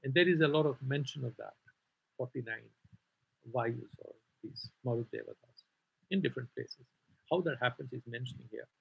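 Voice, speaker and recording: Indian male scripture teacher, raspy and gravelly, rambling explanatory delivery, muffled livestream sound. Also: medium pitch, moderate pace, pauses often. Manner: explanatory and digressive, many "sort of" hedges. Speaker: Vedanta teacher. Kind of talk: scripture class lecture.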